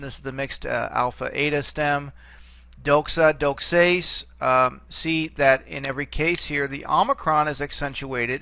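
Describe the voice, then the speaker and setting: A man's voice: mid-range voice, gravelly, pushed and bright, dry recording. A man teaching a recorded lecture, explaining step by step and pointing at a board, with frequent fillers.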